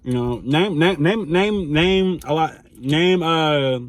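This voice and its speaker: A young man telling a casual storytime vlog, animated and laughing, swinging between loud outbursts and hushed asides. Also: on the high side, takes it slowly, no room sound. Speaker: vlogger.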